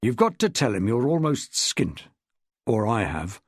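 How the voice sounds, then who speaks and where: A man voicing a gruff, blunt middle-aged police detective in an audiobook. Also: medium pitch, big pitch swings, a little slow, no echo, pitched below the performer's own voice. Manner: blunt, dry, growling. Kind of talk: audiobook character voice.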